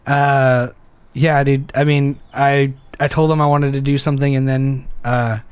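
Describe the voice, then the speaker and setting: A young man co-hosting a casual podcast over beers, rambling and laughing often, jumping into high voices when imitating people. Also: flat delivery, unhurried, clean tone, no echo. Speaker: podcast co-host.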